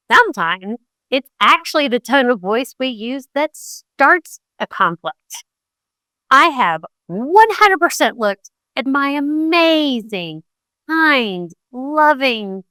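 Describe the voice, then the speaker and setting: Middle-aged woman host, lively monologue, clear bright voice, dry mic. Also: no echo. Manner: animated, acts out quoted tones with big pitch jumps. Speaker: podcast host. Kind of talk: conversational monologue on communication.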